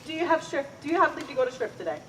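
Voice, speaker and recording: A chatty, fussy old nurse, played by a woman on a live stage, her high, bright voice swooping all over as she teases and groans about her aching bones. The sound carries a long, echoing reverb. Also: very fast, a little hiss or hum. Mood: teasing. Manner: theatrical, lively, groaning complaints. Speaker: stage actor. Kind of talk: live outdoor Shakespeare performance.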